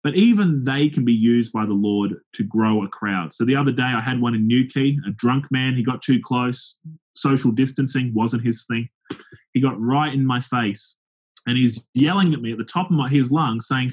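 A man's voice: medium pitch, fairly quick, husky. A man, a pastor and open-air preacher, telling stories in an interview, acting out the people he quotes. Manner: lively anecdotal storytelling with acted-out quotes. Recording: dull lo-fi sound.

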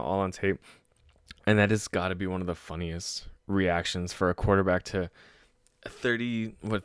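A man with a deep, low voice runs through game results in a loose, excitable way. He swears freely and laughs at his own stories. The sound is dry and close, with no room around it. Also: clear, resonant tone, no room sound. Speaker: sports podcast host. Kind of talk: casual solo sports talk.

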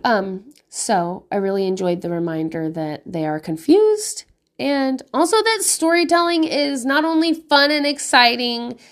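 Blunt, swearing mom of five. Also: female voice, fairly high pitch, animated, a little slow. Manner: candid and profane, laughing often. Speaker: mother of five giving parenting advice. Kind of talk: casual monologue.

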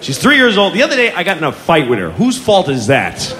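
A man's voice: high-pitched, huge pitch swings, fairly quick, long reverb tail. Exasperated profane stand-up man. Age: 40s. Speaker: stand-up comedian. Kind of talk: stand-up comedy. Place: comedy club stage. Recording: live audience laughter, noisy club.

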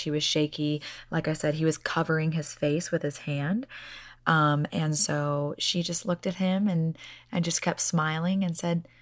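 A woman's voice: sits low, no room sound. A woman speaking straight to her viewers, telling a personal story earnestly and repeating herself as she goes. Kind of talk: casual heartfelt storytelling.

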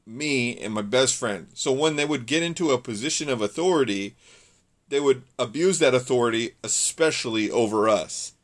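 A young man from California speaks in an earnest, rambling way, often restarting his sentences. His pitch sits in the ordinary middle range. It sounds like a personal testimony told to the listener.

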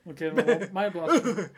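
A young man co-hosting a casual podcast, rambling and laughing often. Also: sits high. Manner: giggly, rambling. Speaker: podcast co-host. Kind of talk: casual chat.

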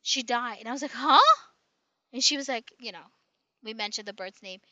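A woman's voice: fairly high pitch, fairly quick, bright, forceful tone, no echo, highs cut off. A woman in casual chat, telling a long rambling story full of restarts and tag questions.

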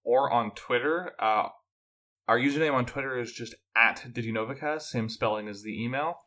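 A man's voice: mid-range voice, moderate pace, pushed and bright. A man co-hosting a podcast in casual chat, chatty and repeating words as he thinks aloud. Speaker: podcast co-host.

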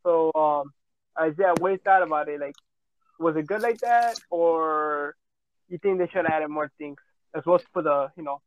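A man's voice: fairly high pitch, moderate pace, no room sound, highs cut off. A young man hosting a casual podcast with friends, rambling and laughing between questions. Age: young adult. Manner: laughing, rambling with many fillers. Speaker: podcast host.

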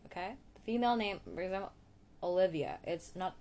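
A woman with a deep, low voice for her sex talks casually as a podcast host. She rambles, giggles and breaks off her own sentences. She drags words out playfully when showing how to say them, over a faint background hiss. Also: a little mellow. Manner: rambling, giggly, self-interrupting; playful, drawn-out name demonstrations. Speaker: podcast host giving English tips. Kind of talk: casual solo chat.

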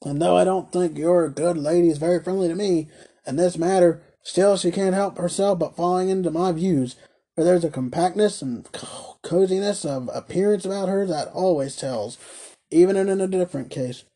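A man's voice: high-pitched, moderate pace, husky. A man voicing a scornful, sarcastic middle-aged toy merchant who talks brusquely in a storybook reading. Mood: pushy. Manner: brusque, scornful, loud outbursts.

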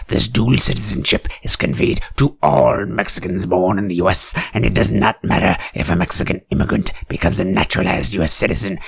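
A man reading a political text in a sarcastic deadpan, breaking into mock-outraged asides. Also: gravelly, husky, no room sound. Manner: deadpan reading broken by shrill outbursts. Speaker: satirical commentator.

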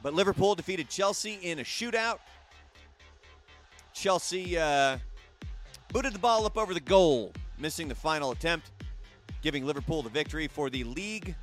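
A man's voice: a little high, lively intonation, normal speed, long pauses, faint music behind. A man hosting a casual news commentary show, chatty and opinionated. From United States. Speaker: host.

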